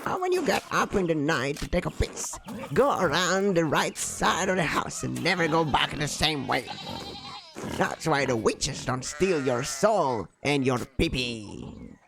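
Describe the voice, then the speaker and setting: A man voicing a gruff, superstitious old male villager with a gravelly voice. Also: fairly high pitch, very animated, measured pace, over music, heavily acted. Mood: conspiratorial.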